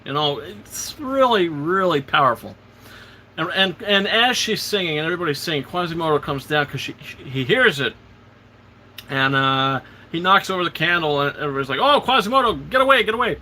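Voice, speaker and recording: A man's voice: on the high side, expressive, moderate pace, sharp tone, a little hiss or hum. A man hosting a casual live film commentary, retelling scenes with enthusiasm and stammered restarts. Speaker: host.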